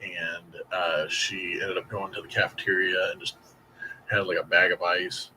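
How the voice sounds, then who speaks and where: A man in his late thirties tells a rambling story in a fairly low voice, casual and animated. He keeps jumping in with quick asides. A faint hiss sits under the recording. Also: low-quality recording. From Indiana, US. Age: late 30s. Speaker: host reviewing candy.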